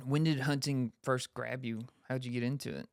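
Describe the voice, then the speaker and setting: Smooth-voiced man hosting a podcast. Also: medium pitch, moderate pace, dry recording, clean studio sound. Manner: relaxed, brief questions and short affirmations. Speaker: podcast host. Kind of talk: casual interview.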